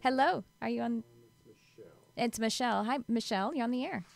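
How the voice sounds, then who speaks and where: A woman's voice: on the high side, a little fast, gravelly. A woman giving live psychic readings to callers on a call-in show, talking soothingly and calling them sweetheart and honey.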